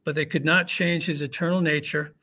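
Pastor preaching in a slightly high voice. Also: male voice, flat delivery, fairly quick, pushed and bright. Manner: conversational preaching with rhetorical questions. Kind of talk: sermon. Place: church hall with congregation.

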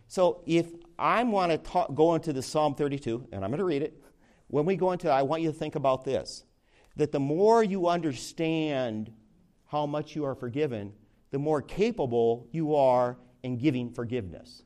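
Male Bible teacher, conversational, lifts his voice on key phrases, reads scripture slowly. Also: fairly high pitch. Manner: lively, rising emphasis on key words, slows for scripture reading; conversational, with restarts. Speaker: Bible study leader. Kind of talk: sermon-style Bible teaching.

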